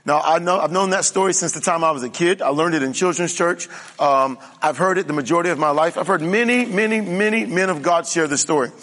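A man's voice: fairly high pitch, fairly quick, few pauses, a bit bright. A male pastor preaching a conversational sermon, often checking in with the congregation. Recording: reverberant hall.

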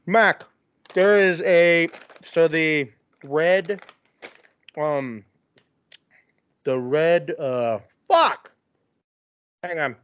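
A man's voice: fairly high pitch, extremely slow, long pauses, fairly bright tone, clean tone, dry recording, dull audio. A man co-hosting a podcast, chatting in an easygoing, chuckling way. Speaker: podcast co-host. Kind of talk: casual podcast chat.

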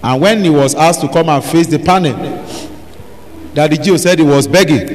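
A man preaching a sermon, asking the congregation to finish his sentences and breaking into sudden shouts. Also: a little high, moderate pace, pauses often. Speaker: pastor. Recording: long hall reverb, faint noise.

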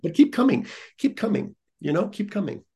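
A man's voice: high-pitched, very animated, a little fast, warm tone, husky. A man who teaches yoga, talking in a casual podcast conversation with an earnest, encouraging coaching tone, repeating phrases for emphasis.

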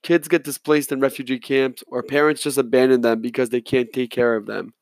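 A male reader puts on an affable middle-aged lawyer who chats easily and apologizes often. His voice sits in a middle pitch and sounds close and dry, as in a read-aloud story. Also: level tone, brisk, no echo, lightly acted. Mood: explaining. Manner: chatty, apologetic, friendly.

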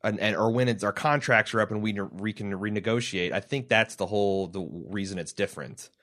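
A man's voice: lowish voice, fairly quick, a bit bright. A man co-hosting a casual podcast, rambling and joking with many restarts as he reads listener mail. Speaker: podcast co-host.

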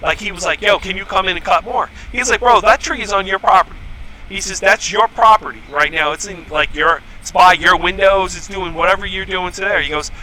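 A man's voice: high voice, a little fast, sharp tone, low-quality recording. A man hosting a casual podcast, telling stories in a profane, heated rant. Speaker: podcast host. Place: home podcast setup.

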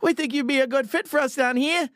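A man's voice: very high-pitched, fast talker, fairly bright tone, no room sound, clean studio sound, voice pushed up. A man voicing a cheery male Australian tennis boss on the phone, breezy and chummy, with an Australian accent. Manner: breezy, chummy, says mate.

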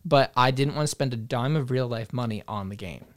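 Young male co-host, animated, swears a lot, dry close-miked sound; casual chat. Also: mid-range voice, fairly quick, dry recording. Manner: animated, swearing, rambling with many fillers. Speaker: podcast co-host.

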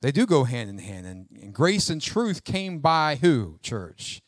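A man, a pastor, preaching a sermon with emphatic swings between loud exhortation and hushed asides. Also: medium pitch, sing-song, measured pace, no echo.

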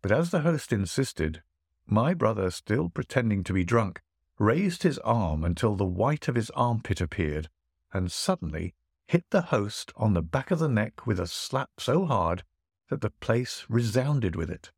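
Expressive male storyteller, dry close sound. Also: lowish voice, vocal fry, breathy edge, dry recording. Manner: measured, expressive reading. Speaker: narrator. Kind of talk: audiobook storytelling.

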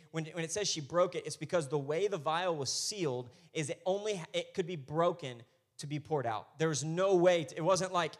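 Young man, pastor, slightly high voice, animated sermon delivery, hushed to loud.

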